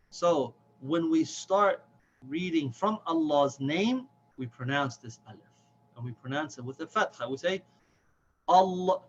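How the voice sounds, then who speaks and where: A man giving a patient step-by-step lesson on Quran reading, stretching the example words out slowly. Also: fairly high pitch. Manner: patient, slow, drawn-out chanted examples. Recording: dull lo-fi with faint hiss.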